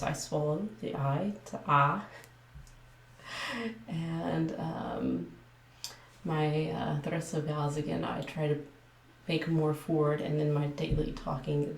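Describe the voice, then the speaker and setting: A woman in her thirties from Texas with a Texan accent, talking casually to camera in a soft, careful way with many pauses. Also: low-pitched, vocal fry. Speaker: ASMR creator. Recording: echoey room, mic at a distance.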